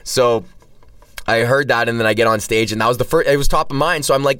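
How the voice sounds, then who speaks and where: A man's voice: medium pitch, quick pace, a bit bright, smooth, no room sound. Swearing man ranting on a distant mic. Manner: rambling, heavy swearing, frequent self-restarts. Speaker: podcast host and stand-up comedian. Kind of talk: casual solo podcast rant. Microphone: cheap mic, set back from the speaker. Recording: distant, dry sound from a poor mic.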